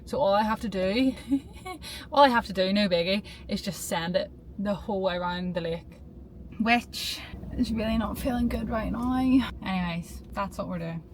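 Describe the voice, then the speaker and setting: A woman's voice: medium pitch, normal speed, a little hiss or hum. A young woman chatting casually to her camera in a vlog, talkative and nervous, filming herself outdoors and in her car. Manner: chatty, self-doubting, nervous. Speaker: vlogger.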